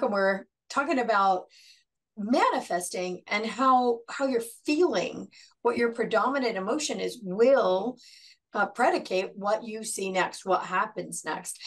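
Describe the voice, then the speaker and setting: An American woman co-hosting a talk podcast, explaining calmly in a casual way. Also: medium pitch, measured pace. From United States. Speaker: podcast co-host.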